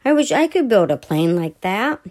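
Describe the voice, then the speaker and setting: A woman doing an excitable squeaky little bear cub. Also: moderate pace, close to an everyday voice. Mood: excited. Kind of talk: storybook reading.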